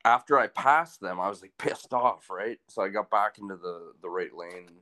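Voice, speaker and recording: A man co-hosting a podcast, telling crude, deadpan jokes in casual chat. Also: on the low side, normal speed. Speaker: podcast co-host.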